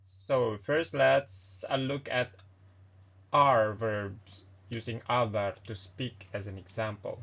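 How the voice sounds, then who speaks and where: Man, gravelly voice, hesitant casual lesson host, dull lo-fi audio. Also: mid-range voice, steady tone, slow pace, a bit bright. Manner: hesitant, many fillers and self-corrections; reads short phrases and then translates them.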